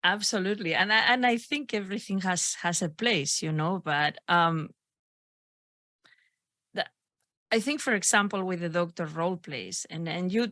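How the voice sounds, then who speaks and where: A woman hosting a casual podcast interview, affirming her guest and speaking in a measured way with some hesitant fillers. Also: lowish voice, bright, forceful tone, dry recording. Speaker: podcast host.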